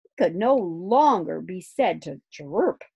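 A woman reading a children's story aloud with lively, swooping expression. Her lowish voice is gravelly and a little husky. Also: measured pace, highs cut off.

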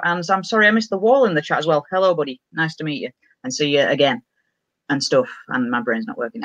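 A woman's voice: lowish voice, fast talker, fairly bright tone, dry recording. A woman hosting a casual live-streamed chat show. She is bubbly and scattered and laughs often. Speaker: livestream show host.

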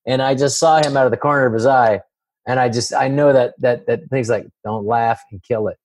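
A man's voice: medium pitch, fairly even intonation, a little fast. A male comedian and actor, a podcast guest, telling reflective, rambling stories in a casual interview.

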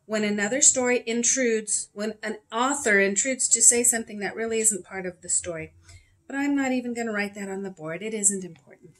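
A woman's voice: mid-range voice, brisk, fairly bright tone, natural voice. A woman reading aloud as a thoughtful, slightly hesitant schoolteacher.

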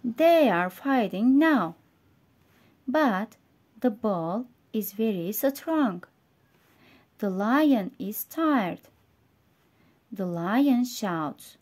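A woman with a Turkish accent teaching English vocabulary and reading a simple story aloud, slow and clear, going word by word. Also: on the high side, expressive, a little mellow. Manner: slow, clear, explaining words one by one.

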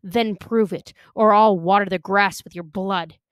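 A woman voicing a fierce, frightened teenage girl who speaks in low, hissing threats. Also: fairly even intonation, a little slow, smooth, no echo, clean studio sound, close to an everyday voice. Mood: scornful.

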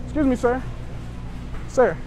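A man's voice: extremely high pitch, lively intonation, unhurried, darkish tone, a little hiss or hum. A young man chatting brashly to strangers in a store, joking and provoking as a prank vlogger. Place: inside a store.

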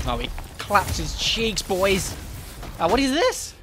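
A man giving joking, excitable commentary while playing a game, often shouting at enemies. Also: high voice, slow pace, background noise. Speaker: gaming YouTuber. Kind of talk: comedic let's-play commentary.

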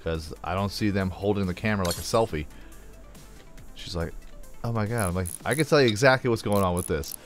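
This let's play host is a young man whose lowish voice runs fairly fast over faint background music. He chats casually while gaming, rambling through jokey stories into a desk microphone and punctuating them with little sound effects.

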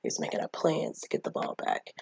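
A woman's voice: brisk, darkish tone, no room sound, poor audio. A woman casually retelling a childhood movie, chatting and acting out the characters' lines. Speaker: movie recapper.

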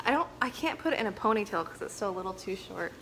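A woman's voice: mid-range voice, animated, a little fast, a bit bright, a little hiss or hum. A woman at home talking to her baby in a casual vlog, cooing in sing-song baby talk. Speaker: mother and vlogger.

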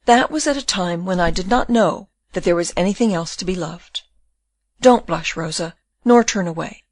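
A woman reading the part of a condemned young man in prison, speaking in a tender, calm and consoling way. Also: on the low side, normal speed, dry recording, natural voice.

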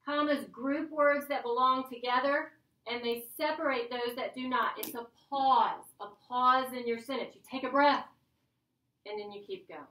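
A woman's voice: high-pitched, fairly even intonation, normal speed, bright, forceful tone. A woman teacher giving a playful, chatty grammar lesson to her class. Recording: echoey classroom from a distance.

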